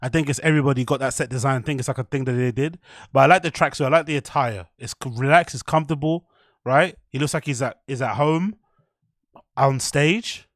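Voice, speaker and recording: Dry-miked podcast host. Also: male voice, mid-range voice, brisk, dry recording. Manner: chatty, opinionated, talks straight to the viewers. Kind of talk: casual commentary reacting to a clip.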